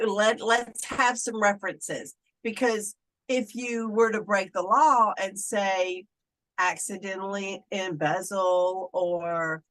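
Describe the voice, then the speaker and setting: A woman's voice: mid-range voice, a bit bright, poor audio. A middle-aged woman, a Wiccan clergy member, talking casually in an interview and slipping into playful voices when she quotes people.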